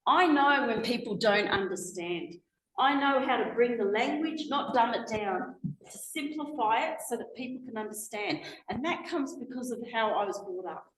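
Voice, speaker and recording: A middle-aged woman delivers a public talk, passionate and emphatic. Her voice sits a little high and bounces off the walls of an echoey hall. A faint hiss runs underneath. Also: animated, moderate pace, fairly bright tone. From Australia. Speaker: guest speaker. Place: meeting hall.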